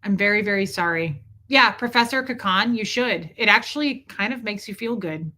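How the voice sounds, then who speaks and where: An animated woman host chatting casually with her live audience, telling stories with laughter and reading comments aloud. Her voice is bright and forceful. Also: mid-range voice, moderate pace. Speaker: livestream host.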